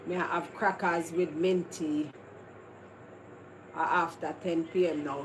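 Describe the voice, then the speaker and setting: A woman's voice: low voice, steady tone, a little slow. A Jamaican woman hosting a casual live stream, chatting with viewers in a rambling, chatty way that is full of laughs. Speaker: livestream host. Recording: noisy background ambience.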